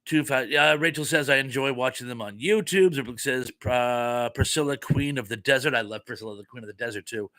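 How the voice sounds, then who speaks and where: A man's voice: mid-range voice, brisk, few pauses, pushed and bright, dry recording. A man hosting a casual live stream, reading viewer comments aloud in a chatty, easily flustered way.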